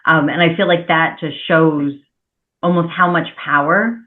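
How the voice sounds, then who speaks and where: A woman's voice: low-pitched, fairly even intonation, normal speed. A woman hosting a podcast interview, talking in long, rambling, hedging turns. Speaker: podcast host. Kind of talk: casual interview chat. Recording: tinny phone-like line.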